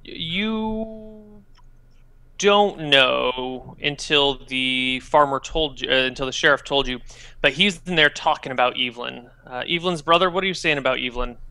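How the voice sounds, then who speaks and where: A man narrating a tabletop game as game master and prompting the players in a relaxed way. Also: mid-range voice, normal speed, smooth.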